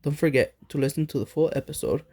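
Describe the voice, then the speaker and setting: A man's voice: fairly high pitch, fast talker, dark tone. A man co-hosting a podcast, chatting casually with dry, teasing jokes. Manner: dry teasing jokes between short backchannels. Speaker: podcast co-host. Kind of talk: casual chat. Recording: echoey room.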